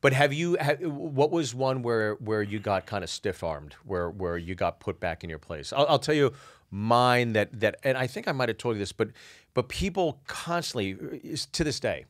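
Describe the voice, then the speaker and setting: A man co-hosting a comedy podcast, talking in a laid-back, halting way with frequent restarts. He speaks into a close studio mic. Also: medium pitch, expressive, dry recording. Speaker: podcast co-host. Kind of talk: casual comedic chat.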